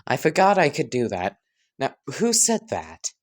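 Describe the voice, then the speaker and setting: A man's voice: mid-range voice, wildly swooping pitch, measured pace, voice pushed up. Stubborn fiery girl, voiced by a male narrator, blunt and suspicious. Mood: wary.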